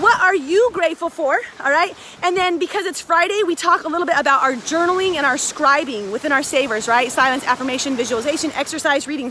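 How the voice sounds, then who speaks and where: A high-voiced woman talks to her viewers in a chatty, excitable way, greeting them by name. Her tone is bright and sharp. It is recorded on a phone outdoors on a beach, with faint surf noise behind her. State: out of breath. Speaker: live video host. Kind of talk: casual motivational live stream. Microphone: phone held by a friend.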